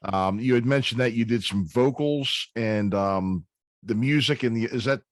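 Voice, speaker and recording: A man's voice: mid-range voice, moderate pace, dry recording, clean studio sound. A man in his fifties hosting a casual interview, easygoing and rambling with many fillers. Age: 50s. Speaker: podcast host.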